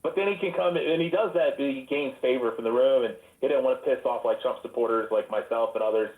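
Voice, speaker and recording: A man's voice: medium pitch, fast. Profane man ranting over tinny echoey audio. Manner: profane, rambling, argumentative. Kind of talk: heated casual chat in an online voice room. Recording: tinny phone-like audio, roomy echo.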